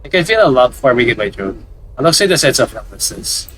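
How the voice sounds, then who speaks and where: A man's voice: mid-range voice, very animated, quick pace, a bit bright, a little hiss or hum. Man reading a visual novel, hesitant. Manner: hesitant, repeating words as he reads. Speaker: let's play commentator. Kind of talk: narrating a visual novel aloud.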